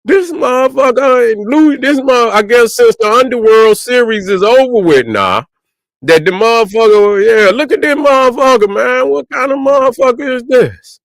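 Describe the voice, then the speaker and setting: A man's voice: very high voice, animated, moderate pace, dry recording. Profane man ranting. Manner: loud, profane, repetitive, addresses viewers. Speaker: online commentator. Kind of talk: profane livestream rant.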